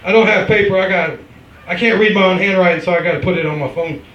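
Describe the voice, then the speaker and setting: A man's voice: sits high, steady tone, fast, fairly bright tone, dull audio, a little hiss or hum. Brash man doing stand-up. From American Midwest. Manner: brash, punchline-driven delivery. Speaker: stand-up comedian. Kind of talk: open mic stand-up set. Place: bar at an open mic. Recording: echoey bar from far off.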